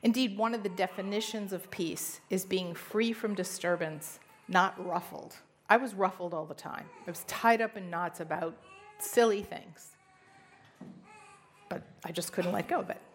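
A middle-aged woman shares a personal faith testimony, speaking earnestly like a storyteller with emphatic rises. Her voice sits in the mid-range and moves at a moderate pace, with slight background noise behind it.

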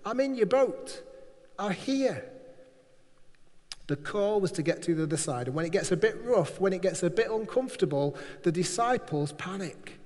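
A man's voice: high voice, expressive, a little fast, few pauses, a little mellow, in a large hall. A man preaching a sermon, emphatic and repetitive, often acting out quotes.

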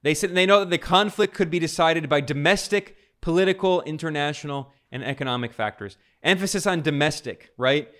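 A man's voice: fairly high pitch, a bit bright, clear, resonant tone. A man delivering an emphatic political commentary monologue, piling up long lists of charged words.

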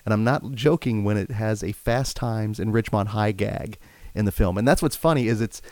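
A man's voice: lowish voice, normal speed, a little mellow, dry recording. A man hosting a podcast who chats casually about films and steers the conversation along. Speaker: podcast host. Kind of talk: casual film chat.

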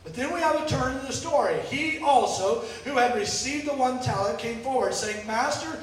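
A man preaching a sermon, telling stories and moving between sudden shouts and quiet drops, often repeating words as he restarts. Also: very high-pitched, normal speed, a little hiss or hum. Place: church. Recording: echoey hall from far off.

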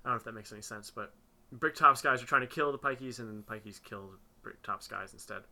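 A man co-hosting a podcast, chatting casually about a movie, filling his talk with "like" and getting animated as he criticizes it. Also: medium pitch, fast talker. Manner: chatty, uses "like" a lot, animated when critiquing. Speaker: podcast co-host. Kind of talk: casual film discussion.

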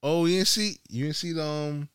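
A man's voice: on the high side, moderate pace, fairly bright tone, clean tone. A man co-hosting a podcast in casual banter, laughing and acting out reactions. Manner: laughing, acts out reactions in quotes. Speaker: podcast co-host.

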